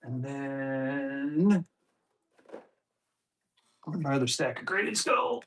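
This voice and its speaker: A man's voice: a little high, very animated, fairly quick, vocal fry, pushed and bright, slightly rough. A man, chatting casually to viewers as a live-stream seller and thinking aloud as he digs through his stock. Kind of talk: casual live auction chat.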